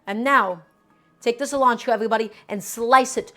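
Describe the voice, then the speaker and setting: Woman cooking host, fairly high voice, emphatic and repetitive, home kitchen, faint music behind. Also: fast talker, a bit bright. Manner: emphatic, repeats instructions, addresses viewers directly. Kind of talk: live cooking demonstration.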